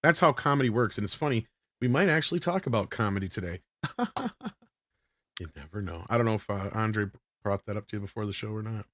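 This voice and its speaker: A man's voice: lowish voice, fairly bright tone, a little hiss or hum. A man hosting a casual pop-culture panel show, reading viewer messages and joking with the guests. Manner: joking, quick to laugh.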